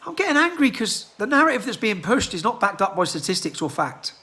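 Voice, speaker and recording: A man delivering an agitated rant into his handheld phone, firing off rhetorical questions and clearing his throat. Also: high-pitched, sing-song, fairly quick, bright, forceful tone. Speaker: political activist. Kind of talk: impassioned rant to a phone camera.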